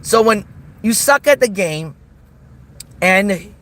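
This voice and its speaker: Taunting high-voiced man ranting. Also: expressive, takes it slowly, a bit bright, slight background noise, rough recording. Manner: taunting, repetitive, mocking. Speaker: streamer host. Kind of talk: livestream rant.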